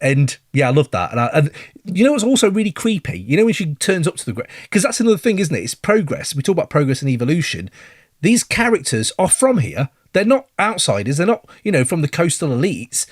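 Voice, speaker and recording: A man hosting a relaxed film chat, his voice fairly high and swinging widely in pitch. He talks in an animated way with quick asides and laughter. The sound is close and dry. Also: dry recording. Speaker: podcast host.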